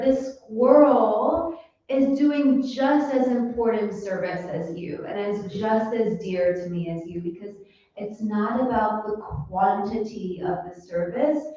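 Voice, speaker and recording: A woman's voice: fairly high pitch, warm tone, voice pushed up. Woman voicing a chiding divine prince. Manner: earnest, teaching tone. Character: divine male prince, gently chiding a devotee. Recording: echoey hall, distant mic, dull sound.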